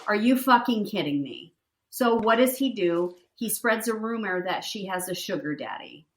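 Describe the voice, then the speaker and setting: A woman co-hosting a podcast, chatting about reality TV in a blunt, expressive way and swearing when riled. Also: medium pitch, moderate pace. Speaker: podcast co-host. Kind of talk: casual chat recapping reality TV. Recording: roomy echo.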